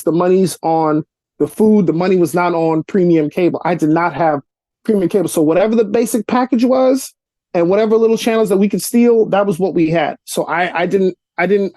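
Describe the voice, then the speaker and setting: A young adult actor and comedian from Brooklyn, New York, chats as an interview guest over video from his cluttered apartment, sharing casual stories. He speaks slightly fast with no room sound, bringing the dialogue to life with a rising pitch.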